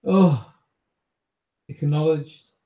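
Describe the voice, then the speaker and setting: A man's voice: a little high, drawn-out words, dark tone, reverberant, rough recording. A man voicing a young male vampire prisoner who pleads, wheedles and stammers for his release. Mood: pleading.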